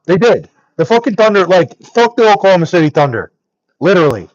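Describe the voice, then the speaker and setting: A man's voice: high-pitched, sing-song, brisk, no room sound, lo-fi sound. A young man angrily ranting on a live stream, swearing nonstop and exasperated. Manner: angry, profane ranting.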